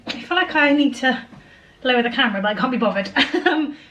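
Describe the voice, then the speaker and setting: A young woman chats away in a casual kitchen vlog, her voice sitting a little on the higher side. She sounds tired and slightly out of breath, yet stays friendly and self-deprecating, often laughing at herself. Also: expressive, a little fast, pushed and bright, a little hiss or hum, poor audio. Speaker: vlogger, homemaker.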